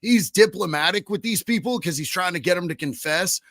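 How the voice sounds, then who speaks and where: A man with a high-pitched voice chats loudly and excitably on a livestream, swearing as he goes. The sound is dry and close, with no room echo. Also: fairly quick. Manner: loud, profane and excitable. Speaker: streamer host. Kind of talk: casual livestream chat, reading viewer comments.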